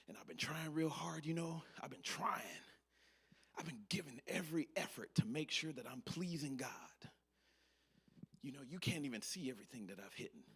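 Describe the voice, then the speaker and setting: A man playing a tired worker who keeps hiding his burdens, talking in nervous hushes and whispers. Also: a little high, husky, voice pushed up, exaggerated voice. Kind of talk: sketch acting.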